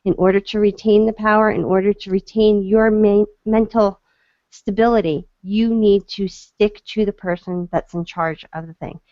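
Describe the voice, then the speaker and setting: A middle-aged woman talks through a personal story in an earnest, unpolished way, often restarting her sentences. Her voice sits at an ordinary pitch. The audio is dry and a little dull, like a lo-fi call. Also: steady tone, normal speed, warm tone, no echo. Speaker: guest speaker, court advocate. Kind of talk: casual storytelling talk.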